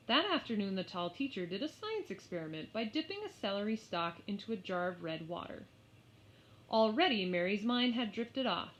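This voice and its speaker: A woman narrating a children's story aloud in an expressive, unhurried way. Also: mid-range voice. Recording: slightly muffled lo-fi.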